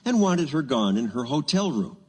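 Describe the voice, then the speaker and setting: Husky-voiced male news reporter. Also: mid-range voice, sing-song, big-room sound. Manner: measured, probing delivery with pointed questions. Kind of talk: scripted news narration.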